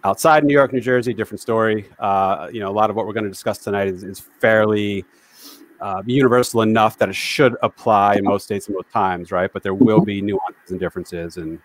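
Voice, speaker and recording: A man's voice: fairly low pitch, fairly even intonation, a little fast, no room sound. A man hosting a casual live-streamed chat over a video call, friendly and jokey, fond of dad jokes. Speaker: host.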